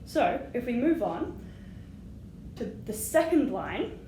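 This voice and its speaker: A woman's voice: a little high, big pitch swings, slow. A woman teaching flute, patient and encouraging, singing rhythms aloud as she explains. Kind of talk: music lesson. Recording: echoey room with audible noise.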